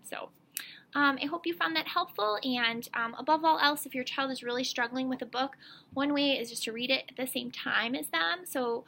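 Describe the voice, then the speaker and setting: Casting: female reading specialist, fairly high bright voice, chatty teacher tone explaining tips to parents, lots of ums. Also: moderate pace, creaky. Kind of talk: informal instructional talk to parents.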